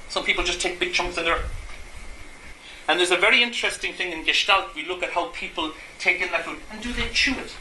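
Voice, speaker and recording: A man's voice: high voice, brisk, pushed and bright, a little hiss or hum. A man, a Gestalt therapist, lecturing a live audience, asking them rhetorical questions and acting out everyday examples. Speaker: Gestalt therapist giving a talk. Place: room with an audience. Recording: echoey room, faint ambience.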